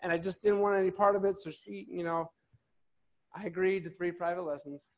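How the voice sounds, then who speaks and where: A middle-aged man telling a funny, animated personal story to an audience at an office event. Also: sits high, a little fast, muffled recording. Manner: animated, jokey, acts out quotes. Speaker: motivational speaker.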